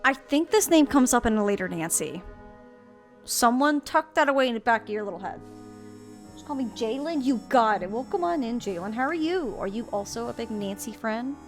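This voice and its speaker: A woman's voice: a little high, animated, brisk, soft background music. Bubbly, chatty woman streamer. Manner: bubbly, chatty, playful asides to chat. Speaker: streamer playing a mystery game. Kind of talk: casual live-stream chat.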